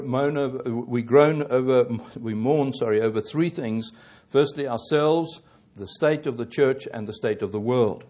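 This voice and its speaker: A man preaching a sermon, halting and correcting himself often, growing more emphatic as he presses his points. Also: mid-range voice, warm tone. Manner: halting, with many fillers and self-corrections.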